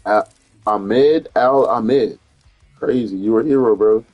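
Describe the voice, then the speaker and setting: A man giving casual, profane gaming commentary on stream, with animated, incredulous outbursts. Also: lowish voice, takes it slowly, no echo, highs cut off, faint music behind.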